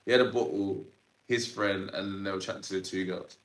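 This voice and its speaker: A man in his thirties tells a story as a podcast guest, animated and slangy with lots of fillers. His voice sits on the low side. The room around him has a noticeable echo. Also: fairly quick. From Sudan, raised in Ireland. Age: 30s. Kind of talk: casual storytelling interview.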